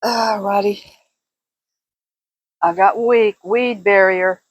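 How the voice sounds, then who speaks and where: A woman's voice: mid-range voice, steady tone, slow pace, no room sound, poor audio. Chatty older woman, dry sound. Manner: chatty, laughs often, folksy. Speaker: vlogger. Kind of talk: casual chat to camera. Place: at home, walking indoors and out.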